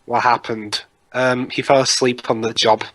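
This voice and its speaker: A man's voice: medium pitch, little pitch movement, normal speed, a bit bright. A young man joking sarcastically while co-hosting a casual movie commentary. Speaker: commentary co-host.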